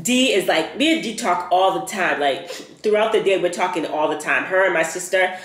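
Lively young woman vlogger, roomy sound. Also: lowish voice, moderate pace. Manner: animated retelling, acts out dialogue, slangy. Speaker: travel vlogger. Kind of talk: casual storytelling vlog. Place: rented apartment room.

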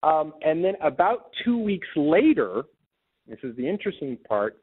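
A man telling a personal story as an interview guest, speaking haltingly with many fillers and restarts. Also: fairly high pitch, sing-song, breathy edge. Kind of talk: casual storytelling. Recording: tinny phone-like call audio.

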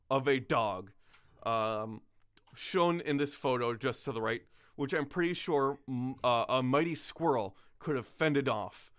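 Male podcast host, mid pitch, rambling casual chat with frequent laughter. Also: unhurried, a bit bright, smooth. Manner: rambling, laughing often, filler-heavy.

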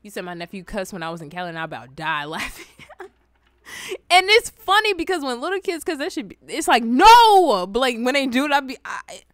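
A woman's voice: on the high side, big pitch swings, quick pace, a bit bright, no room sound, studio quality. A young adult woman chatting casually, telling funny childhood stories and reacting to comments. She laughs often and swears freely. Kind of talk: casual storytelling chat.

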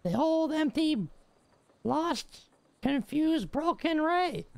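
Woman, roleplay chat, high lively voice, gravelly edge, slow blunt interjections. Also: dry recording.

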